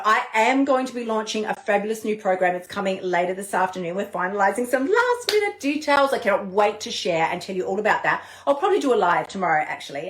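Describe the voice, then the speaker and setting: A woman podcast host and eating coach, giving an animated, chatty motivational talk on a live stream. She swears casually and laughs often. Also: on the high side. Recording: echoey room.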